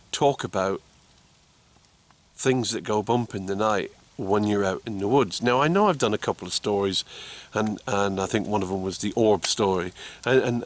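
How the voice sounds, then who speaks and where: A man telling rambling stories outdoors in the woods, chuckling and repeating words as he goes. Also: on the low side. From United Kingdom. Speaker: outdoor vlogger. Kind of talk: casual storytelling to camera.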